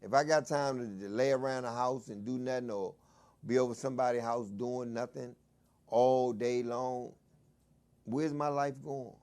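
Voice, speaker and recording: A man from Washington DC hosting his own talk show, shouting hype calls at times but mostly chatting in a relaxed, low-key way. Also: normal speed. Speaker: host. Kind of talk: casual talk show monologue.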